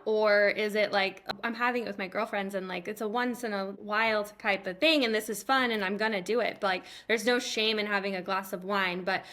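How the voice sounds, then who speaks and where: Chatty woman guiding calm breathing. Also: medium pitch, a little fast, few pauses. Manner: relaxed and chatty, many fillers like "like" and "you know". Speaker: somatic healing guest. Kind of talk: casual interview talk, guiding breathing exercise.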